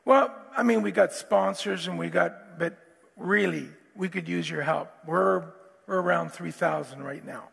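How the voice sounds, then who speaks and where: Gravelly high-voiced male pastor in a hall. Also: unhurried. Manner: animated, repetitive restarts, acts out quotes. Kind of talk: sermon. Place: church hall. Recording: long hall reverb, faint guitar.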